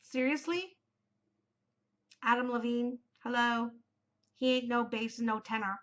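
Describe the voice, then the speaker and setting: Chatty, gushing woman host, slightly high voice. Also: steady tone, unhurried, a bit bright, muffled recording. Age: 40s. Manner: gushing, chatty, rambling with many fillers. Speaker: knitting podcast host. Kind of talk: casual chat.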